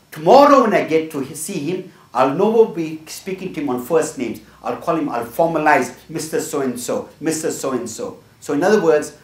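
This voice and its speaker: Earnest middle-aged man, echoey distant. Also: fairly high pitch. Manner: earnest, tags points with "right?". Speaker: workshop speaker. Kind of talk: motivational talk with personal stories. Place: room with a small group.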